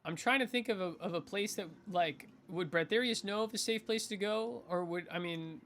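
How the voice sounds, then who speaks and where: Bright-voiced guy stumbling through what his character does, lots of "like". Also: high voice, a little hiss or hum. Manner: halting, filler-heavy. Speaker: player. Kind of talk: casual tabletop play.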